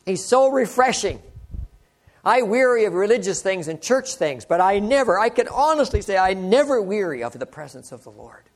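A man's voice: high voice, sing-song, normal speed. An older man preaching a sermon, earnest and exclaiming, often asking the listeners rhetorical questions.

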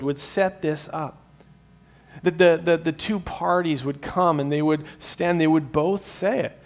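A man preaching a sermon as pastor, earnest, swinging from emphatic peaks to hushed, slow lines, often repeating a word as he restarts. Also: on the high side, vocal fry. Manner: repeats words as he restarts sentences.

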